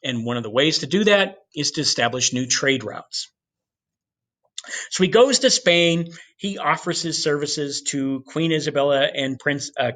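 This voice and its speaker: A man giving a history lecture in an animated storytelling way, with casual asides to the class. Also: on the high side. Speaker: history teacher.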